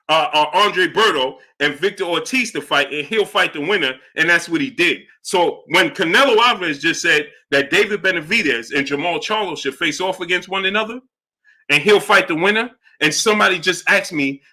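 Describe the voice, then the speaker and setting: A man's voice: high-pitched, moderate pace, bright, forceful tone. A middle-aged man hosting a live boxing talk stream, reading chat messages and repeating himself in exasperation. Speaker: boxing talk show host. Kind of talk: live-stream commentary reading super chats.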